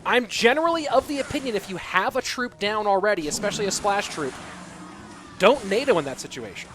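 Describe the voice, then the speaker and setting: High-voiced American esports caster. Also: male voice, lively intonation, a little fast, noisy background. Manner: chatty, reads out and answers viewer chat. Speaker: esports commentator. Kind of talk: live game commentary. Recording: music behind the voice.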